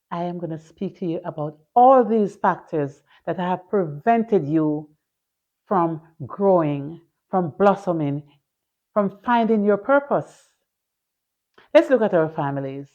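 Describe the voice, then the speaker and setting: A Jamaican woman in her sixties giving an inspirational speech, slow and deliberate, building to forceful declarations. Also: fairly low pitch, lo-fi sound. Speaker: motivational speaker.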